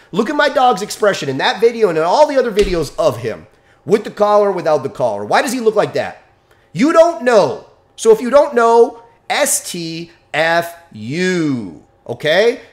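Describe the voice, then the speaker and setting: A man who trains dogs, ranting angrily straight to the viewer in blunt, profane rhetorical questions. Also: sits high. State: angry. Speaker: dog trainer. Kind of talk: angry direct-to-camera rant.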